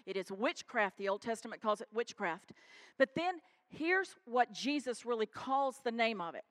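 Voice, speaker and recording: A woman pastor preaching a sermon in church, animated and calling out to the congregation. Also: a little high, normal speed. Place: church sanctuary.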